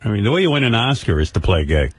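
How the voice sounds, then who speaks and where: A man's voice: lowish voice, sing-song, fast, breathy edge. A middle-aged man hosting a radio show, teasing and provoking his caller. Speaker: radio host. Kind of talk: casual radio talk.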